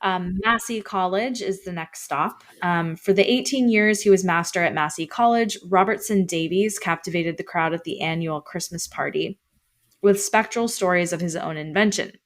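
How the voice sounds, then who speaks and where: A woman's voice: lowish voice, moderate pace. A young woman co-hosting a podcast, reading ghost stories from an article in casual chat, with a slight lisp and some stumbling over her words. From Canada. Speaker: podcast co-host.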